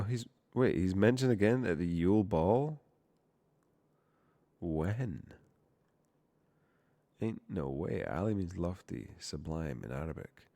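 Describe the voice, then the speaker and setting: A man's voice: low-pitched, gravelly, dark tone, dry recording. A young man streaming while coding, rambling and profane, often cutting himself off mid-word. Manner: rambling, profane, self-interrupting. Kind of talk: casual live-stream chat while coding.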